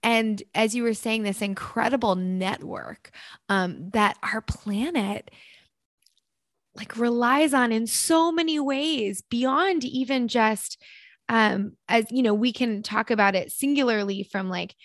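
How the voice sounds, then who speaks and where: A woman's voice: fairly high pitch, takes it slowly, dry recording. A woman in her thirties hosting a casual interview, chatty and self-interrupting, laughing easily. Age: 30s. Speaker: podcast host.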